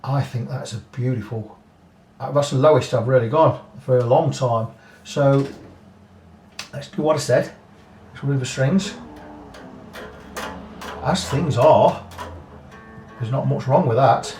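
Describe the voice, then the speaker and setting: In a guitar workshop, a repair technician explains a setup in a relaxed way, reasoning aloud with frank comments. His medium-pitched, darkish voice moves a little slowly with frequent pauses, and the distant mic captures a roomy space with faint music.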